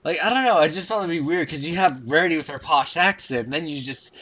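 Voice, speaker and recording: A man's voice: on the high side, quick pace, sharp tone. A man co-hosting a casual podcast, joking around and laughing often. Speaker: podcast co-host. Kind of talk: casual chat.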